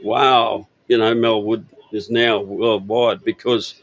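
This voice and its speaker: A man's voice: on the low side, level tone, takes it slowly, no echo, dull audio. An older man from Australia telling stories about his parts business in a rambling, easygoing way with lots of fillers. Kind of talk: casual interview storytelling. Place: outdoor expo stand.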